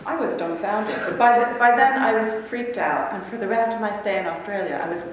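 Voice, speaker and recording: A woman speaking at a convention, telling a lively personal story to a live audience with frequent laughter. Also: medium pitch, a little fast. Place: large conference hall. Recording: echoey hall, speaker far from mic.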